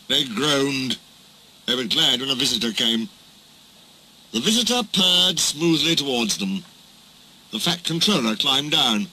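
A man narrating a children's storybook in a slow, expressive storytelling manner. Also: mid-range voice, breathy edge, poor audio.

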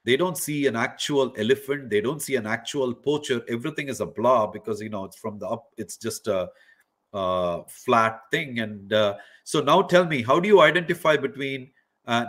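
Middle-aged male professor, hosting an interactive online lecture: animated storyteller, quizzes the room, lots of fillers. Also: mid-range voice, normal speed. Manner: animated storyteller, questions the audience, many fillers. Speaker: workshop host and professor.

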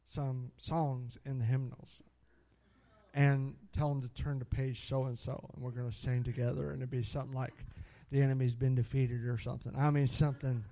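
At normal speed and medium pitch, a middle-aged man preaches by telling stories. Lively and expressive, he frequently cries hallelujah and breaks into laughter at his own anecdotes.

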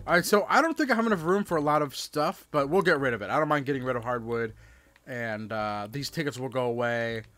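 A man's voice: medium pitch, fairly bright tone. Chatty man in his thirties streaming a game. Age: 30s. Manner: chatty, reads and answers chat aloud, quick exclamations at the game. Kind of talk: casual live-stream chat while gaming.

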